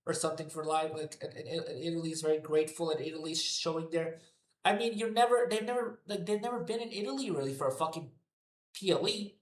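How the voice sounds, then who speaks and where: Man, swearing rant, repetitive, fairly high voice, echoey room. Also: fast. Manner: profane, ranting, repetitive. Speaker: wrestling commentary streamer. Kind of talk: unscripted rant to a live chat. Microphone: headphones on.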